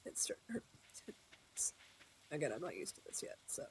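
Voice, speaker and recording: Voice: mid-range voice, sing-song, a little fast, creaky, a little hiss or hum. A game streamer giving live commentary, muttering to themself while playing and now and then talking to chat.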